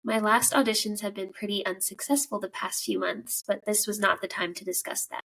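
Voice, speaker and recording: A woman's voice: mid-range voice, steady tone, fairly quick, gravelly, hardly any pauses, a bit bright, rough recording. A woman podcast host reading a listener's scary story aloud in a casual, giggly way.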